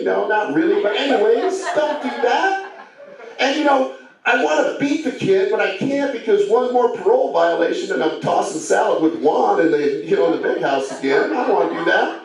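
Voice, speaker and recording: A man's voice: high voice, lively intonation, moderate pace. A man in his forties from the Detroit area, a stand-up comedian who also speaks in interview. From Detroit, Michigan area, USA. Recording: echoey room, recorded from a distance.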